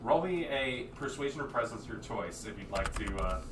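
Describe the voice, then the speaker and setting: A man's voice: mid-range voice, lively intonation, normal speed, echoey room, distant mic, background noise. A man narrating a tabletop game as game master, rambling with many fillers and restarts.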